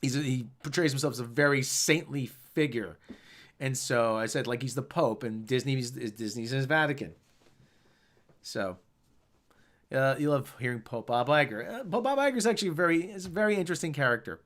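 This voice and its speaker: A man's voice: medium pitch, moderate pace, fairly bright tone. A man hosting a casual live stream, rambling and answering the chat.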